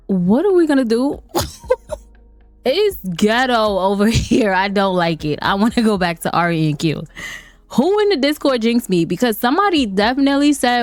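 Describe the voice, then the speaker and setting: A woman's voice: mid-range voice, expressive, fairly quick, darkish tone, dry recording, soft background music. A woman hosting a life-sim let's play, chatting and laughing with her viewers as she plays. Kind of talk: casual gameplay commentary.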